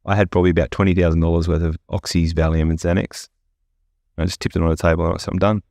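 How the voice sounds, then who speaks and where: Blunt deep-voiced man. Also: little pitch movement, fast talker, darkish tone, no room sound, studio quality. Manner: blunt, profane, candid storytelling. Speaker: podcast guest. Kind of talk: casual podcast interview.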